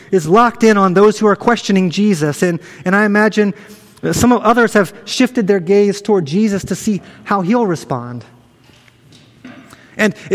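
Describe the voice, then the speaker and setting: A high-pitched man preaching in an earnest, conversational way, often repeating a word as he restarts. His voice rings out with a long reverb, as in a large hall. He sounds like a pastor talking his congregation through a passage. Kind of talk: sermon.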